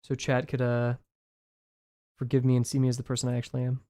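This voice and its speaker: A young man streaming his drawing session, rambling casually with viewers, self-deprecating and quick to laugh. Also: mid-range voice, monotone, dark tone, dry recording, studio quality. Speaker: drawing livestreamer.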